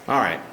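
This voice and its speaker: A man giving a motivational talk to a live audience, urging them on with repeated rallying questions. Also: pushed and bright. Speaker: speaker at a grassroots political gathering. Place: event room with a crowd. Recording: very echoey room, faint noise.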